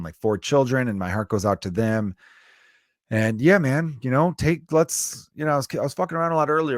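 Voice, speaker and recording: A man's voice: medium pitch, no room sound, clean studio sound. A man hosting a comedy podcast, ranting with lots of swearing and mocking impressions. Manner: profane, animated, mocking impressions. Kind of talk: comedic rant.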